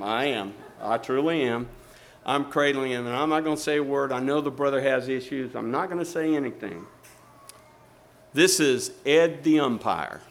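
A man telling a story in a sermon, animated and acting out the people in it. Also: medium pitch.

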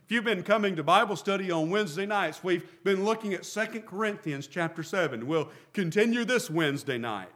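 A man's voice: high-pitched, a bit bright. A middle-aged man preaching a sermon as a pastor, asking rhetorical questions and repeating phrases for emphasis.

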